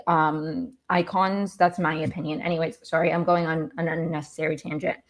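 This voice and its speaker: A woman hosting a podcast, recapping a reality show in a casual, rambling, exasperated way and often going off on tangents. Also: fairly low pitch. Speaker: podcast host.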